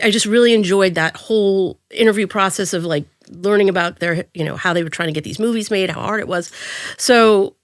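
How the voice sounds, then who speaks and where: Woman, thirties, interview guest, animated storytelling, acts out quotes, dry close sound. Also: mid-range voice, no room sound.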